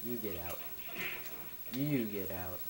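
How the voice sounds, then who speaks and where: A young man rambling goofily through a let's play, stammering and yelling at the game. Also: fairly low pitch, slow, music in the background, rough recording. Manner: goofy, rambling, stammers, yells at enemies. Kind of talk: casual gameplay commentary.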